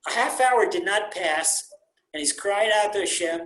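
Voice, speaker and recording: A rabbi teaching an informal Torah class on a video call, telling stories with animated, repeated emphasis and Hebrew terms mixed into his English. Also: high-pitched, normal speed. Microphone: computer mic on a video call. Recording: roomy echo on a video call.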